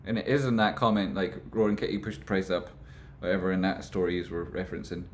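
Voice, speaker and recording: A man's voice: deep voice, quick pace, slight background noise. Rambling man talking stocks in echoey room. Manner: rambling, animated, exasperated rants. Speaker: market commentary host. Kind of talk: casual stock market commentary.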